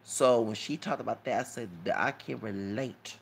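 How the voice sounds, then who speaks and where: Guy with a gravelly voice ranting on his youtube channel, preachy, keeps going "you know what im saying". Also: mid-range voice, normal speed, a little hiss or hum. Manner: rambling, repeats himself, frequent "you know what I'm saying" and "okay?". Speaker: YouTube commentator. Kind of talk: rambling commentary vlog.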